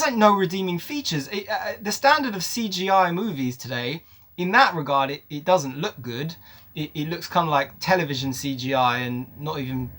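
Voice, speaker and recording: A man's voice: high-pitched, a bit bright. A man giving a casual, opinionated film review, emphatic and ranting, repeating words for stress. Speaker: movie reviewer.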